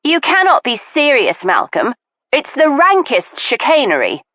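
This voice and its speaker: A woman voicing a stubborn, sharp-tongued older aristocratic woman who snaps with scorn. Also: fairly high pitch, big pitch swings, moderate pace, no room sound, voice pushed up. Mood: scornful. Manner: scornful, snappish.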